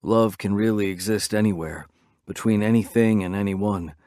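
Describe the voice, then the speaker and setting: A man's voice: lowish voice, moderate pace, dark tone, no room sound, studio quality. A man narrating a romance audiobook in the first person, with a brooding, intense delivery.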